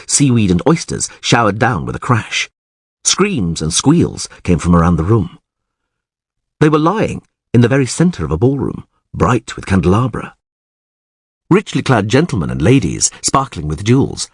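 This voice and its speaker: A man narrating an audiobook in a dramatic, highly expressive way. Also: husky, no room sound, studio quality.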